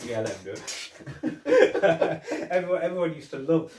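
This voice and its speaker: A man's voice: on the high side, huge pitch swings, measured pace, a crowd in the background. A man hosting a podcast, chatting casually about a film and retelling scenes with many restarts. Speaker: podcast host. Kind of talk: casual film review chat. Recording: roomy echo, distant mic.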